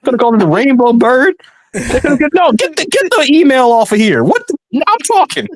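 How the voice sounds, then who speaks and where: A man co-hosting a wrestling podcast, ranting in exasperated, quick outbursts. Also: very high voice, sing-song, no room sound. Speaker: podcast co-host. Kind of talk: casual podcast banter.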